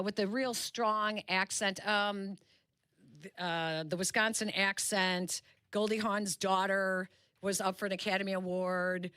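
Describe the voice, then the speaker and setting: A woman's voice: medium pitch, fairly bright tone, no room sound, studio quality. A woman from the Chicago area hosting a sports radio show in casual chat. She laughs easily and loses her train of thought. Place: radio studio. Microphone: studio microphone.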